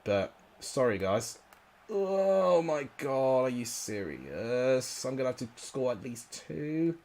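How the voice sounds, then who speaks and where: Young man, gaming commentary, frustrated outbursts, lively swooping pitch. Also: slow. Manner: frustrated, exclamatory, swears at players. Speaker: gaming YouTuber. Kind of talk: live gameplay commentary.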